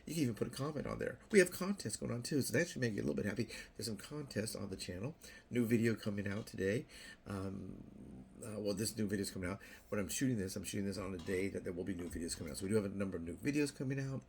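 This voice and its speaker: An older man vlogs to camera in a loose, rambling monologue, circling back and repeating words. His voice sits low and carries a gravelly rasp. A faint hiss runs under him. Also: expressive, rapid-fire. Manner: playful, acts out little quoted voices. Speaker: YouTube vlogger.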